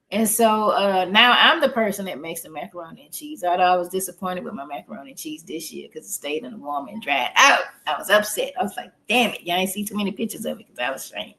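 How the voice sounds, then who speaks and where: The medium-pitched, fairly bright voice belongs to a middle-aged woman who is a therapist chatting about grief on a podcast. Her manner is folksy and talkative, with easy laughter throughout. Audio is poor.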